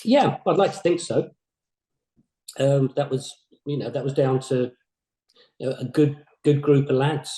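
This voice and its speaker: An older man, a former games company boss, recalling his career in a modest, halting way, often repeating words. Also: mid-range voice, dark tone. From England. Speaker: former games company CEO, interview guest. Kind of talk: reflective interview chat. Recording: roomy echo.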